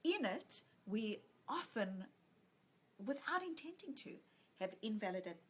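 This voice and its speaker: A woman psychologist and author in a conversational interview, telling stories in an animated way and acting out what people said. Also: on the high side, unhurried, husky. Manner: animated storyteller who acts out quoted lines.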